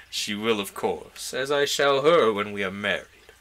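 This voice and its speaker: A man's voice: lowish voice, unhurried, fairly bright tone. A man reading a novel aloud, voicing an ambitious, haughty young nobleman in a grand, declamatory way.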